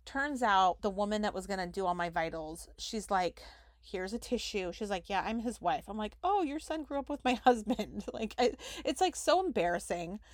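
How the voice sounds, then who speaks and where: A woman's voice: medium pitch, lively intonation, moderate pace, few pauses, dry recording, studio quality. A young adult woman hosting a podcast, telling a story casually and fillng it with "like" as she reenacts conversations. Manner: chatty, heavy use of "like", reenacts conversations. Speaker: podcast host.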